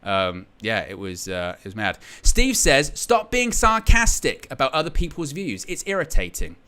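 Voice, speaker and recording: A man's voice: mid-range voice, huge pitch swings, moderate pace, bright, forceful tone, clean tone. A man hosting a live match-day stream, chatting casually in a rambling, jokey, sarcastic way.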